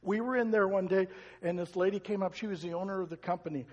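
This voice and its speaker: An older man preaching a sermon, telling stories with emphatic swells and soft asides. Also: high-pitched, steady tone, quick pace, big-room sound, lo-fi sound. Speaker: pastor.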